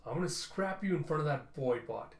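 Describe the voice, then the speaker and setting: A man's voice: fairly high pitch, expressive, brisk, roomy sound. A man voicing a cruel, gloating lord who threatens a captured robot. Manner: gloating, menacing. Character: cruel scheming male robot-hating lord.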